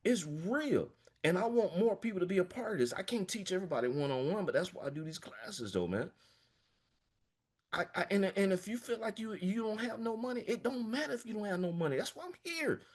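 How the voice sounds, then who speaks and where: A financial coach from small-town Florida, US, speaks emphatically and passionately on a video call, motivating his listener and sprinkling in "man." He has a high, expressive voice with a darkish tone and a brisk delivery.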